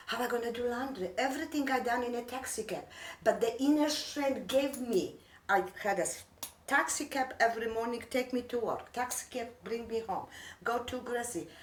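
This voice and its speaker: An earnest immigrant woman in her 60s with a fairly high voice gives an emotional personal talk in heartfelt broken English. The recording is echoey, made in a room with the microphone far away.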